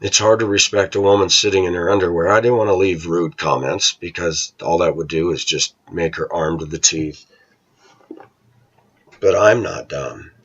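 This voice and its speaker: A middle-aged American man talks straight to the camera in a husky, fairly low voice, scornful and opinionated. The sound is a little dull and lo-fi. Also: normal speed, fairly bright tone. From United States. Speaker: vlogger. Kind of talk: casual ranting monologue.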